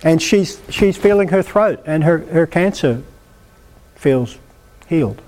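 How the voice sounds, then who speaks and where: A male preacher with a fairly high voice delivers a sermon at a healing meeting. He speaks emphatically and with lively drive, pressing the congregation to act. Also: slow. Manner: emphatic, animated, exhorting the congregation.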